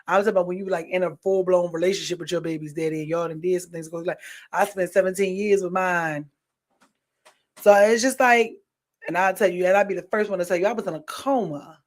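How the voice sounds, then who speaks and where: A woman's voice: on the low side, a little fast. Emphatic woman podcast host. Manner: emphatic, repeats phrases for stress; animated, swings loud and soft. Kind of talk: casual chat.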